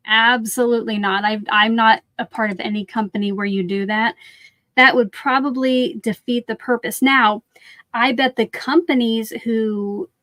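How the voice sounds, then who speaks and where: Woman host for a craft livestream, a bit high-pitched, close and dry sound, loose chatty delivery. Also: fairly bright tone, dry recording. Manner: chatty, answers viewer comments, frequent "like" fillers. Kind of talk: casual live chat while crafting.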